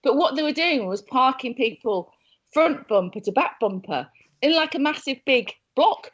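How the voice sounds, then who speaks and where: A woman presenter telling lively, teasing stories in a casual chat with friends. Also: high-pitched, moderate pace, husky. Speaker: TV presenter and guest. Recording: dull lo-fi podcast audio.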